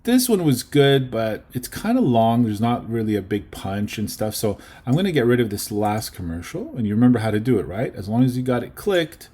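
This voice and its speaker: A man's voice: medium pitch, sing-song, brisk, hardly any pauses, dark tone. A man teaching a casual lesson on video editing, chatty and often checking in with his students. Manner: chatty, checks in with okay and right.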